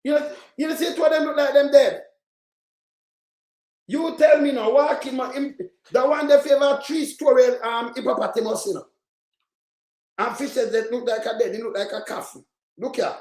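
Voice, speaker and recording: A woman with a Jamaican accent ranting casually to camera, insistently repeating herself in a mocking tone and breaking into loud shouts. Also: sits high, moderate pace, long pauses, roomy sound. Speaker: vlogger.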